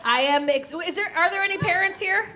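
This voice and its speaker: A woman's voice: extremely high pitch, brisk, bright, forceful tone. A woman in her thirties doing a stand-up comedy set on a club stage, brash and profane, laughing through her punchlines. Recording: live club with crowd laughter and noise. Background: audience laughter.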